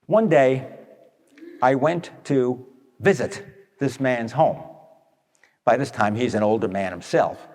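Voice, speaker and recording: A man's voice: mid-range voice, takes it slowly, long pauses, darkish tone, in a large hall. A man telling stories in a folksy, conversational talk, speaking straight to his listeners and acting out what people said. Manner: conversational, addresses listeners directly, acts out quotes. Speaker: radio speaker giving advice talks.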